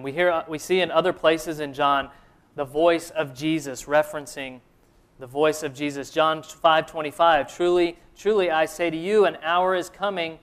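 Earnest preacher man, smooth voice. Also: fairly high pitch. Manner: earnest preaching, rhetorical questions, slows for emphasis. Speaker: pastor. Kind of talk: sermon.

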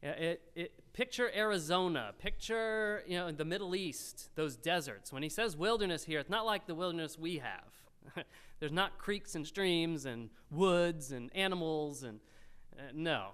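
Man, pastor, sermon, fairly high voice, resonant and clear, lively swinging pitch. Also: measured pace. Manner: animated, rises loud when quoting the crowd.

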